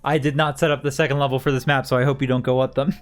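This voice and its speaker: A man's voice: mid-range voice, flat delivery, rapid-fire, faint music behind. A man running a tabletop game as game master, casual, laughing often and swearing offhandedly as he narrates.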